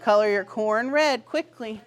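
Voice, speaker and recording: A woman's voice: a little high, a little slow. Upbeat preschool teacher, a woman. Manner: upbeat and encouraging, gives short firm directions to small children. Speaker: pre-kindergarten teacher. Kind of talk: classroom instruction. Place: classroom.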